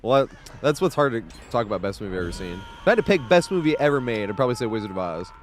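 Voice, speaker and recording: A man's voice: mid-range voice, sing-song, racing, slight background noise. A man in his thirties streaming a game live from home, chatting casually in a rambling way, laughing often and swearing freely.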